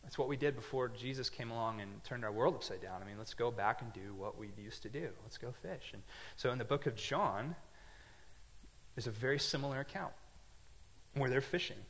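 A man preaching a sermon, telling a story with lively swings from quiet asides to loud emphatic lines. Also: mid-range voice, fairly quick, husky, long reverb tail. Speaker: pastor.

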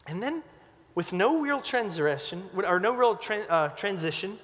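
A pastor preaching a sermon with emphatic delivery, swinging between loud urgent lines and quiet hushed ones. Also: male voice, sits high, animated, a little slow, big-room sound.

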